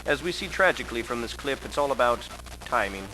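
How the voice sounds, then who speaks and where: A man narrates a mock-serious documentary, dry and pompous like an academic. His pitch moves in a lively way from line to line, and a steady noise sits under the voice. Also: brisk.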